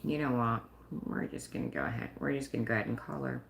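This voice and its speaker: A woman's voice: rumbling low, quick pace, gravelly, roomy sound, slight background noise. A woman hosting a casual live stream, chatting and rambling in a self-conscious way. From United States. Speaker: livestream host.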